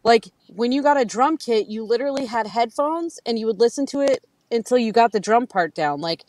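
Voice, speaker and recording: A woman in her thirties chatting casually, telling lively stories and acting out quotes with frequent laughter. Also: on the high side, fairly quick, low-quality recording. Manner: animated storytelling, acts out quotes, laughs often. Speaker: guest. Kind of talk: casual chat.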